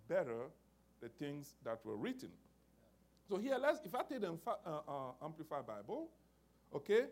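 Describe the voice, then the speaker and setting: Man preaching, lively rising and falling pitch, emphatic, repeats phrases, calls for amens, sermon style.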